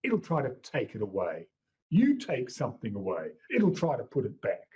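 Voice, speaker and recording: Lively husky male chemistry lecturer. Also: mid-range voice, normal speed. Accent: Australian. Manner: lively, jokey teacher who swoops up for emphasis. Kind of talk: exam-prep lecture. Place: lecture room. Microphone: wearable mic.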